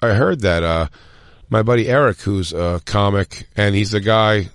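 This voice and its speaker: A man with a fairly low voice co-hosts a casual podcast. He trades loose, crude banter, and the sound is close and dry. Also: normal speed, dry recording. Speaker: podcast co-host. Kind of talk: casual chat.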